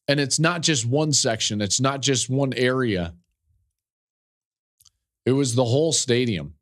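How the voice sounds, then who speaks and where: A man's voice: medium pitch, a little slow, long pauses, fairly bright tone. A male podcast host telling a personal story in an earnest, openly emotional way. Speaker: podcast host, football analyst.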